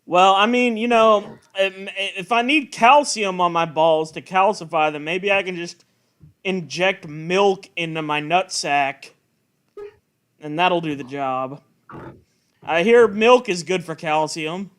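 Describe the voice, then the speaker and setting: A man's voice: high voice, a bit bright, clear, resonant tone. A man streaming a game, chatting crudely and joking with a co-host. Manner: crude joking, quick to laugh and swear. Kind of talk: casual chat with a co-host while gaming.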